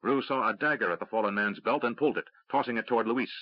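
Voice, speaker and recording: A man narrating a fantasy audiobook in a steady, measured reading. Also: mid-range voice, no room sound. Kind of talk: scripted narration. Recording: dry, slightly dull audiobook recording.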